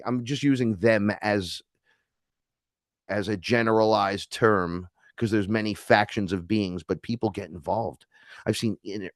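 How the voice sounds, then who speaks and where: A man from New York, a podcast guest, telling stories in a casual, animated way, swearing and acting out the dialogue. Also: lowish voice, gravelly, dry recording, clean studio sound. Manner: animated, profane, acts out quoted dialogue. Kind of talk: casual storytelling conversation.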